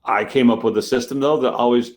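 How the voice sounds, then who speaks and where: Animated man telling a street story. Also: medium pitch, quick pace. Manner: animated storyteller acting out dialogue. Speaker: street magician guest. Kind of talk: storytelling in a casual interview.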